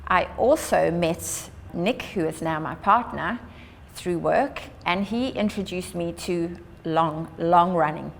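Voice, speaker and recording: A woman's voice: lowish voice, takes it slowly, creaky, slight background noise. A woman from Africa, giving an earnest, upbeat public address as an Australia Day ambassador. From South Africa. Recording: long hall reverb.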